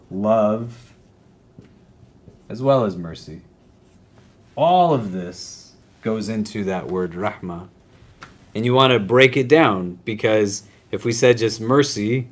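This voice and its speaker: A man teaching a class on prayer in a casual, conversational way, often checking in with his students. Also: fairly low pitch.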